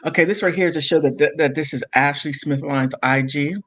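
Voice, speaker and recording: This commentary host has a slightly high, somewhat bright voice with fairly even intonation, and the recording is rough. He reads messages aloud and comments on them, speaking haltingly, fumbling words and breaking off in disbelief.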